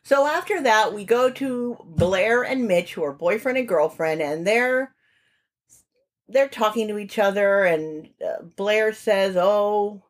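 A woman's voice: mid-range voice, expressive, unhurried. Chatty woman recapping a movie. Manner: chatty, recaps plot with frequent asides and laughs. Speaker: podcast co-host. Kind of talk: casual movie review chat.

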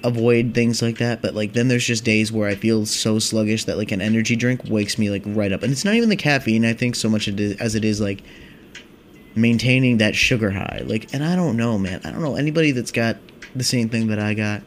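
A man's voice: lowish voice, fairly quick, a little hiss or hum. A young man hosting a casual podcast, rambling and swearing in a laid-back stoner monologue. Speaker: podcast host.

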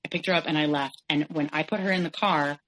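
A woman in her forties speaks in a low voice. She retells a hard stretch of her life with candor, quoting the people involved. She talks as a podcast guest. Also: steady tone, fast talker, a bit bright, rough recording. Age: 40s. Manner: candid, tense retelling, quotes others in shifting voices. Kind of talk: personal story in an interview.

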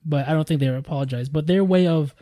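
A man's voice: on the high side, rapid-fire, mellow, no room sound, studio quality. A man co-hosting a podcast, chatting casually and telling stories with a laid-back, swear-heavy manner. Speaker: podcast co-host. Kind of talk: casual chat.

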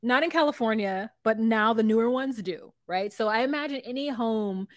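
A woman co-hosting a casual podcast about a reality TV show, animated and swearing, often acting out what people said. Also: a little high, moderate pace, no room sound, clean studio sound. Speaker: podcast co-host. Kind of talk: casual reality TV recap chat.

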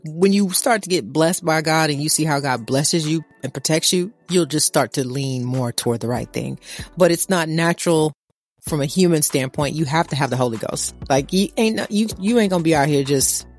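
Lady going off about faith on a podcast, lively and preachy, little bit of music under it. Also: low-pitched, moderate pace. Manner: animated, preachy, conversational. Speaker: podcast co-host. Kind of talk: casual faith talk.

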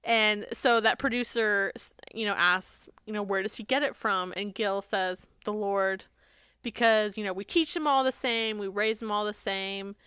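Bright, crisp-voiced woman podcaster. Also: medium pitch, moderate pace, dry recording. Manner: chatty, swears, acts out quotes in voices. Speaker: podcast co-host. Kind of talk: casual chat recapping a reality show.

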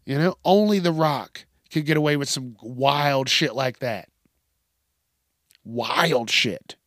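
A man's voice: mid-range voice, slow pace, fairly bright tone, no echo, studio quality. A male host giving comedic news commentary, profane and mocking, laughing often.

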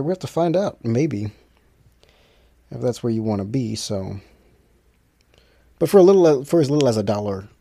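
A man with a lowish voice and a mellow, dark tone talks casually to his listeners. He rambles loosely and restarts his sentences often. He uses plenty of fillers as he goes. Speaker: independent musician hosting his own podcast. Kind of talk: casual solo monologue.

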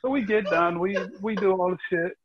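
A man's voice: sits high, normal speed, a crowd in the background. A man telling a rambling, easygoing story in casual chat, with lots of fillers. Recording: dry, dull close mic.

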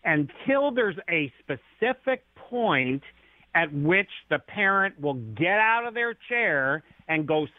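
A man's voice: sits high, animated, takes it slowly, no room sound. A male author on a radio interview, explaining ideas through stories and acted-out lines. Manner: storytelling, acts out quoted lines. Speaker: author and guest. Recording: tinny phone line.

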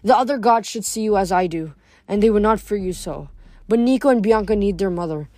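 A woman voicing a gentle, loving mortal mother in a storybook reading, speaking softly. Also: medium pitch, brisk, dry recording, studio quality, lightly acted. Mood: tender. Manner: soft, gentle.

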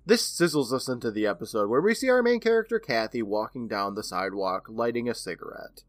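A man's voice: medium pitch, lively intonation, fairly quick, dry recording. A man in his thirties co-hosting a podcast, eagerly retelling an episode in casual chat and laughing often. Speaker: podcast co-host.

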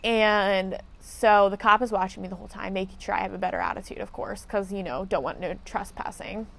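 A woman's voice: mid-range voice, fairly even intonation, fairly quick, gravelly, fairly bright tone. A woman telling a casual story as a podcast host, blunt and profane as she vents her frustration.

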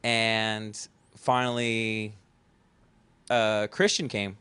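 A man's voice: fairly low pitch, little pitch movement, drawn-out words, pushed and bright, clean tone, no room sound. A young adult man telling a rambling story in casual chat, swearing freely and acting out what he said at the time. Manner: rambling storytelling, swears casually, acts out his own past lines. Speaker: podcast guest, festival founder.

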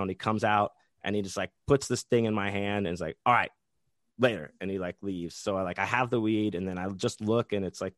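A man's voice: lowish voice, no room sound, clean studio sound. A man guesting on a podcast, telling a rambling, profane anecdote full of restarts and asides.

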